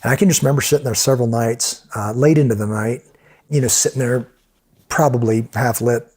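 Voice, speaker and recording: A middle-aged American man and podcast guest telling lively stories in conversation, acting out the voices of the people in them. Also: mid-range voice, brisk. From United States. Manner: animated storyteller who acts out quoted voices. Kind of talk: storytelling in conversation.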